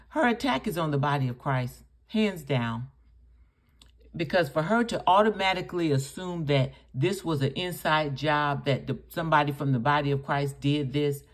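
A woman hosting a reaction channel, commenting on clips in an emphatic, scolding way. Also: sits low. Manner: scolding, emphatic, addresses the other speaker directly.

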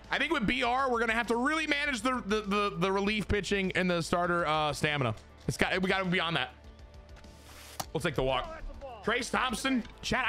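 Excitable man streaming a baseball game. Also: fairly high pitch. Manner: excitable, swears, talks to chat. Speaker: gaming streamer. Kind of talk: casual gameplay commentary.

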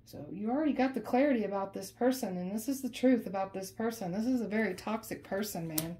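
A woman gives viewers a casual tarot reading, speaking emphatically and conversationally and often repeating her phrases. Her voice is medium-pitched and dark-toned, and she talks fast.

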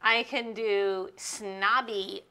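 A woman's voice: mid-range voice, fairly even intonation, drawn-out words, sharp tone. A woman playing a card game on stream, chatting casually and talking through her plays in an upbeat way.

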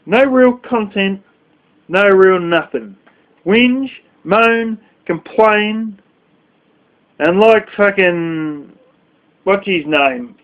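Guy with a high voice going off in an angry sweary rant, muffled audio. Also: drawn-out words, pauses often. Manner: scornful, heavy swearing. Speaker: vlogger. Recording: dull lo-fi recording.

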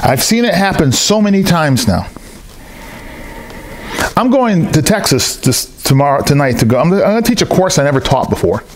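There's background noise as a man with a slightly high voice delivers a sermon at a moderate pace in a church hall. His storytelling is animated and personal, and he acts out the voices of the people he describes.

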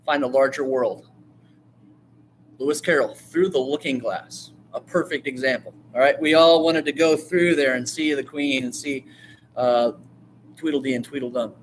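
A man teaching a class on storytelling, talking in a lively way, asking the class questions and acting out lines. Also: mid-range voice, slight background noise. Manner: animated, asks the class questions, acts out quotes. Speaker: writing teacher.

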